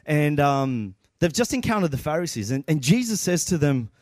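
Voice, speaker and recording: A man's voice: a little high, big pitch swings, moderate pace, a little mellow, no echo, clean studio sound. A man preaching an informal church sermon with lots of energy, repeating words and dropping casual slang.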